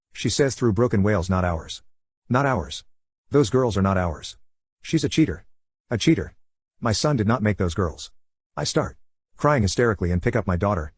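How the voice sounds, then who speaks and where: A man narrates internet stories at a quick, even clip. His voice sits low with a breathy, husky edge. The sound is dry and close, with no room around it. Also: no echo.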